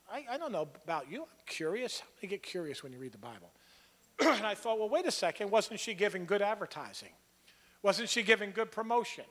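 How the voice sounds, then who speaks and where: A man's voice: sits high, a bit bright, in a large hall. A man preaching an expository sermon, earnest and conversational, building to emphatic points. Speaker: pastor.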